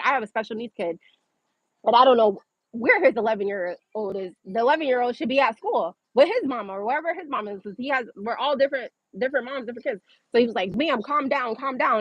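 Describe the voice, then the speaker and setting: Young woman, livestream host, higher voice, emotional profane storytelling, dull dry lo-fi sound. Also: breathy edge, no room sound. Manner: emotional, profane, fast-running retelling. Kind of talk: casual storytelling to viewers.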